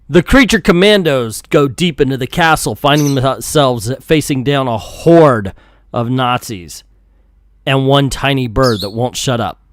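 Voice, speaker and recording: A man's voice: medium pitch, dry recording. A man hosting a casual comic book recap, narrating the story in a jokey, self-mocking way. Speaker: comic book channel host.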